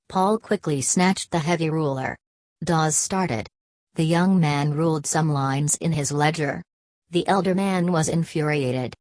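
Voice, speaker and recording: A woman narrating a classic novel as an audiobook in a steady, measured way. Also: sits low, no echo. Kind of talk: novel reading.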